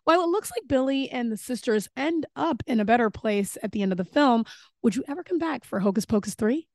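Cheerful high-voiced woman interviewer. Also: expressive, brisk, no echo, studio quality. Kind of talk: interview questions.

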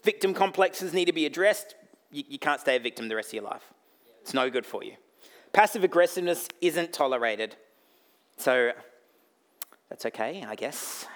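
A man with an Australian accent preaching a sermon as pastor, blunt and jokey, swinging between loud bursts and quiet asides. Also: a little high, lively intonation, a little fast.

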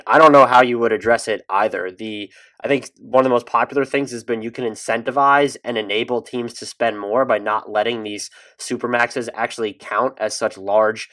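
A man talks through ideas on a casual sports podcast, thoughtful and hedging. His voice sits at an ordinary middle pitch. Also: fairly bright tone. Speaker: podcast co-host. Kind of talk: casual basketball podcast chat.

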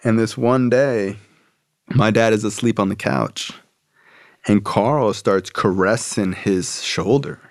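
A man's voice: lowish voice, slow, gravelly, dry recording, clean studio sound. A man telling a story casually, loose and profane, full of slang fillers.

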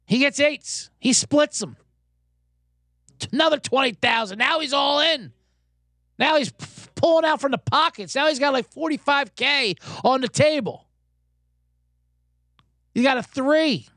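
A man hosting a sports betting podcast, telling a casino story and giving picks in a profane, animated way with shouted crowd chants. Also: extremely high pitch, unhurried, long pauses, no echo, clean studio sound.

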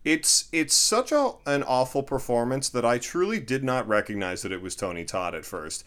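A man's voice: mid-range voice, expressive, moderate pace, fairly bright tone. A man co-hosting a casual film-review podcast, joking sarcastically and often restarting his sentences. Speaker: podcast co-host.

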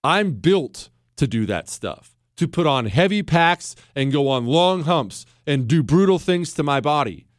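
A man's voice: on the high side, big pitch swings, a little slow, hardly any pauses, no room sound. A man hosting a talk show, delivering an emphatic, combative, teasing opinion monologue into a studio microphone. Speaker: radio talk show host.

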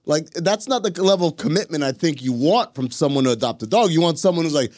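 Man co-host, lively swoops, a bit high, argumentative. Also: quick pace, few pauses, no room sound, clean studio sound. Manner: animated, argumentative. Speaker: radio show co-host. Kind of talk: casual talk-show banter. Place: radio studio.

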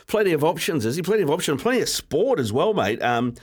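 A man with a New Zealand accent co-hosting morning radio, telling stories in a relaxed way with lots of fillers. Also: on the high side, a little fast, slightly rough. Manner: relaxed storyteller, many fillers, laughs easily. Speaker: radio co-host. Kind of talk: casual morning radio chat.

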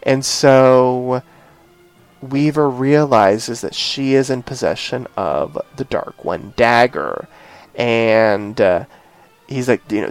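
A man's voice: medium pitch, takes it slowly, smooth, soft background music. A man hosting a casual chat, retelling a TV episode in a rambling way with lots of filler phrases and emphatic opinions. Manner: rambling retelling full of "you know" and "this, that, or the other". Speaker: podcast host.

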